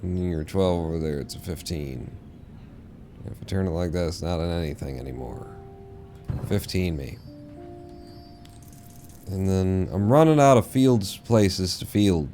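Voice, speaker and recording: A man's voice: low voice, measured pace, pauses often, mellow, faint music behind. A man streaming a game, rambling and swearing casually to himself as he plays. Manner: rambling, profane, mumbling to himself. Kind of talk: casual live-stream gameplay chatter.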